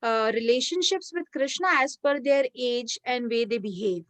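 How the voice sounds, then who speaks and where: A woman retelling a devotional story to a class in a conversational, lively way. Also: a little high, normal speed, no room sound.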